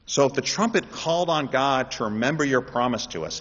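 A man preaching a sermon, shifting between explaining and loud, impassioned pleas. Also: mid-range voice, expressive, fairly quick. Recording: dull audio in a reverberant hall.

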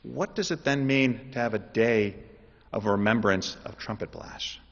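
Impassioned preacher in a reverberant hall. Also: male voice, on the low side, unhurried. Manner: animated, rising to loud impassioned pleas. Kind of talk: sermon. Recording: dull audio in a reverberant hall.

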